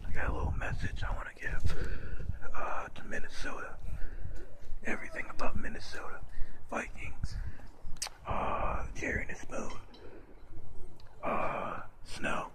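A man's voice: unhurried, long pauses, whispered. A man vlogging outdoors in the cold at a national park, talking in a slangy, profane way. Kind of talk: hushed vlog narration. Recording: loud music over the voice.

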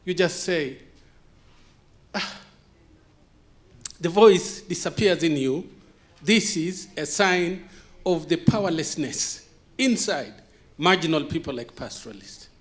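A man with a first language other than English gives an impassioned conference talk, full of repeated rhetorical questions and dramatic pauses. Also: a little high, animated. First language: not English. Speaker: conference speaker. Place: conference hall.

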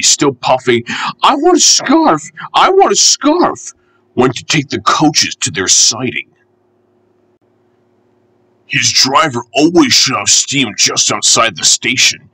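Slow expressive male storybook reader. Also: medium pitch, poor audio. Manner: gentle, unhurried and expressive. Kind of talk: reading a children's storybook aloud.

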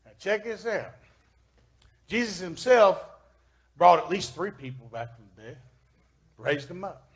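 Folksy Southern preacher, high voice. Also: male voice, very animated, unhurried, long pauses. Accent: Kentucky Southern US. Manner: folksy, swings from loud emphasis to quiet asides. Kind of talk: sermon with scripture reading. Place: church.

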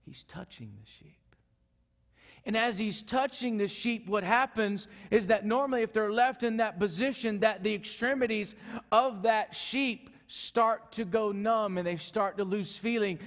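A male pastor preaching a sermon earnestly, moving from loud urgency to soft, hushed passages. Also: sits high. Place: church sanctuary. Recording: echoey church hall.

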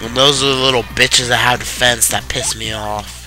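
A man's voice: medium pitch, moderate pace. Sarcastic young man narrating gameplay. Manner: sarcastic, swears freely, tired deadpan. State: tired. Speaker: let's play commentator. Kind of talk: casual gameplay commentary. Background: game music.

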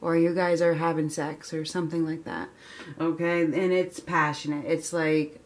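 A woman giving a casual tarot reading, chatty and excitable, laughing often and filling pauses with ums. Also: deep voice. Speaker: tarot reader.

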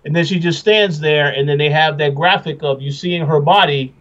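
A man co-hosting a podcast, giving his opinions in casual chat with halting starts and restarts. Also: fairly high pitch, a bit bright, dull audio. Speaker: podcast co-host.

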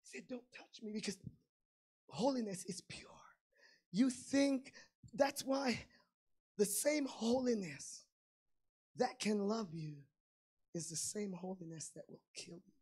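A woman preaching a sermon with fervor, going from quiet asides to shouted climaxes. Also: mid-range voice, takes it slowly, pauses often, slightly rough.

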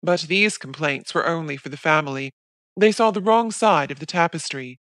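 A woman narrating a classic novel for an audiobook in a measured, even reading. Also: sits low, no room sound.

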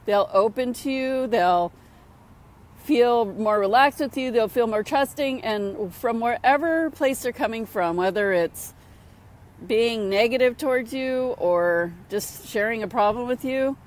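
A woman's voice: on the high side, unhurried. A middle-aged woman, a spiritual mentor, talking casually and upbeat outdoors at sunset, repeating phrases for emphasis. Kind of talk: casual motivational talk to camera.

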